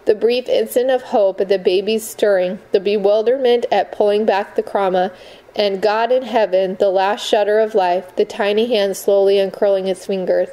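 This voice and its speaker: A woman narrating a novel in a measured, expressive storytelling voice. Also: mid-range voice, low-quality recording. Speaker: audiobook narrator. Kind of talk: scripted narration.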